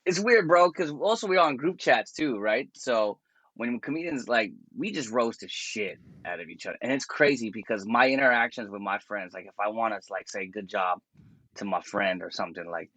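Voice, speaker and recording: A man's voice: lowish voice, normal speed, pushed and bright, no echo. A man who is a comedian, telling stories in a laid-back, slangy way and laughing often in a casual podcast chat. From Canada. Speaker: comedian guest.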